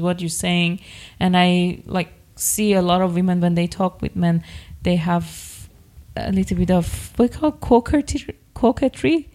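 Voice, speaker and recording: Woman, podcast co-host, casual chat, direct and straightforward, mid-pitched, laughs a lot. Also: darkish tone.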